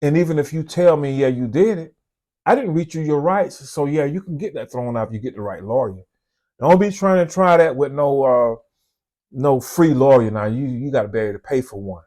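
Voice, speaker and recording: This man's voice is medium-pitched, brisk and animated, with a dark tone. He's a police officer with a Southern US accent running his own channel, speaking folksy and casual to the camera. His manner is conversational, and he goes over his points more than once.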